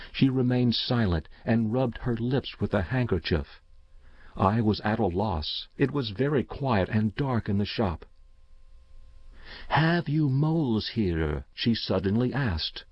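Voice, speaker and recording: Male narrator, lowish voice, measured and somber story reading; dull, dry lo-fi recording. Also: no room sound.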